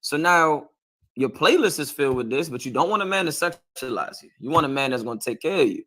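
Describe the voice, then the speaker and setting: A man with a fairly high voice preaches a hard-hitting sermon. His tone is bright and forceful, and he lectures his listeners with repeated checks of "you understand?". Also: expressive, fairly quick. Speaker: street preacher. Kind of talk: confrontational sermon.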